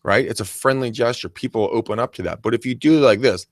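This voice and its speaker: Animated man acting out greetings. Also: mid-range voice, fast, dry recording, studio quality. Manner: animated, acts out greetings in silly voices. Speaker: podcast co-host. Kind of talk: casual coaching chat.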